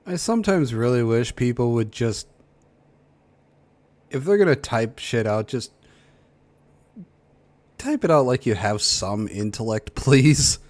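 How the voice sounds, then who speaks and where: A man's voice: medium pitch, lively intonation, measured pace, long pauses, a little mellow. A man commenting casually on posts, blunt and dry in his put-downs. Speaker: reaction streamer.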